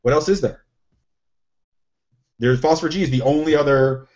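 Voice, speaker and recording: A man's voice: fairly high pitch, normal speed, a little mellow. A man talking casually as a podcast co-host, rambling and questioning himself, with many restarts. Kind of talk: casual chat. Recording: lo-fi, dull sound.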